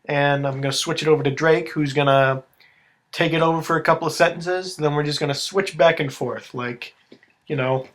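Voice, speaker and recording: A young man hosting a casual improvised story, relaxed and joking with plenty of fillers. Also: fairly high pitch, moderate pace.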